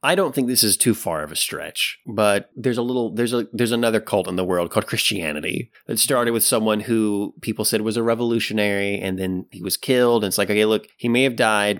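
A man in casual podcast chat, talking in a measured, reflective way. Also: on the low side, a bit bright, dry recording, clean studio sound.

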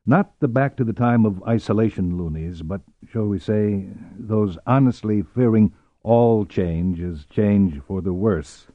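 A man's voice: on the low side, unhurried, no room sound, phone-quality sound, voice pushed down, natural voice. A man voicing a dry-witted, snappish middle-aged officer in an audiobook.

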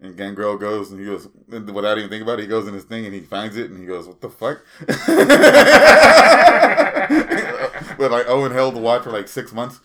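A man's voice: fairly low pitch, steady tone, rapid-fire, hardly any pauses, a crowd in the background. A man hosting a casual podcast chat, telling long rambling anecdotes full of fillers and swearing. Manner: rambling storyteller, swears freely, many fillers.

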